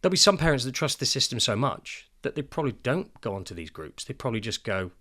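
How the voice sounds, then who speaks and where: Lively dad telling stories. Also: male voice, medium pitch, fast. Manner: animated storyteller, acts out quoted voices. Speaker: podcast co-host. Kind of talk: casual podcast chat.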